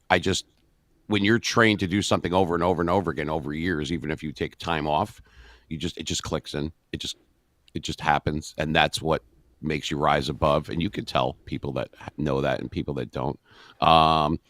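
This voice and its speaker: A middle-aged man with an extremely deep, forceful radio voice chats casually on a video call. He speaks in an even monotone, thinking aloud with pauses. The sound is close and dry. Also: no echo. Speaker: radio host and voice-over artist. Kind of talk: casual interview talk.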